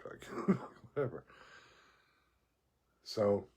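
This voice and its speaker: A man's voice: sits low, unhurried, a little mellow, slightly rough. A man telling a rambling personal story in a casual monologue, profane and laughing often. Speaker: vlogger.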